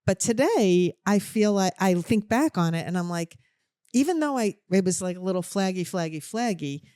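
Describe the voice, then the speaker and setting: A woman's voice: medium pitch, normal speed, no room sound. Jersey woman telling a story, dry sound. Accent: New Jersey. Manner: animated storytelling, self-deprecating. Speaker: podcast co-host. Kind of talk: casual chat.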